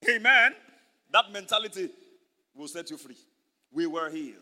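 A man's voice: high voice, animated, normal speed, pushed and bright. A male pastor preaching a sermon, emphatic and repetitive, calling out to the congregation for responses. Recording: reverberant hall.

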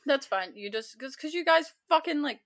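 A woman's voice: sits high, lively intonation, moderate pace, vocal fry, a bit bright. A woman co-hosting a podcast, arguing her point insistently in casual book chat and swearing freely. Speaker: podcast co-host.

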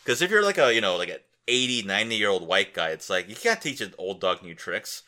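Tired young guy on his podcast, low bright voice, crude jokes, just rambling. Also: big pitch swings, fairly quick. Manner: crude, joking, wandering and thinking aloud. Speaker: podcast host. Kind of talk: rambling solo podcast chat.

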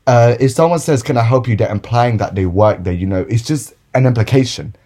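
A man's voice: medium pitch, animated, brisk, warm tone. A young man, ranting casually and profanely about customers while telling retail stories for a podcast. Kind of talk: casual storytime rant.

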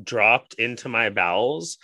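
A man's voice: mid-range voice, animated, slow pace, pushed and bright, no echo. A young man telling a long, rambling story in casual podcast chat, swearing often and filling with "like". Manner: rambling, profane, heavy use of "like".

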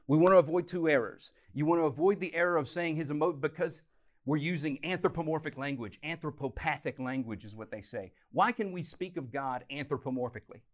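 A man's voice: on the high side, fairly quick. Man preaching with big swings in volume. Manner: animated, swings from loud emphasis to quiet intensity. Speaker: pastor. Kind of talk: sermon teaching series.

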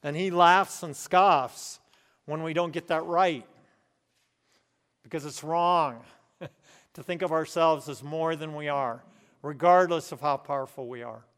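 A man from the United States preaching a sermon to his congregation in earnest, often chuckling and slowing down to stress key words. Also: a little high, a bit bright, smooth, in a large hall. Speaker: pastor. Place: church room with congregation.

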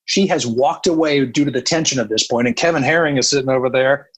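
A man's voice: mid-range voice, fast talker, husky, low-quality recording. A man who works as a country radio programmer, telling a long anecdote in casual talk and acting out the dialogue. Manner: animated, quotes people in dialogue.

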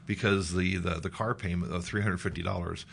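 A middle-aged man from Nebraska tells a personal story with a low, gravelly voice. He lifts his voice to act out what people said. Faint noise sits under the recording. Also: a little fast. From Nebraska, United States. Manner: animated storyteller, acts out quotes in a raised voice. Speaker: guest.

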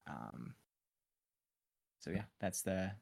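A young man narrating as game master, relaxed and full of ums and uhs. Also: deep voice, very slow, creaky, slight background noise.

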